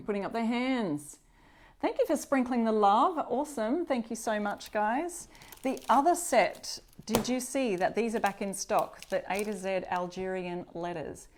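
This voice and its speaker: A woman's voice: mid-range voice, expressive, a little slow, creaky, a little mellow. A middle-aged woman from Australia hosting a live crafting demonstration, talking chattily to viewers and greeting them as they join. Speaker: upcycling channel host.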